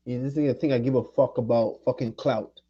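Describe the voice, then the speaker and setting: A husky, mid-range voice with a steady tone comes through a muffled recording as a Jamaican man speaks briskly. He's angrily cursing and confronting someone in a heated livestream rant.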